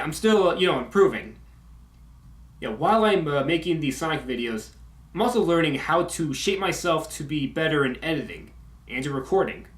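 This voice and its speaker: A young man giving a casual video update, halting with many fillers and sharp S sounds. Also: a little high. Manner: strong S sounds. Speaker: YouTube video maker. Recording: echoey room.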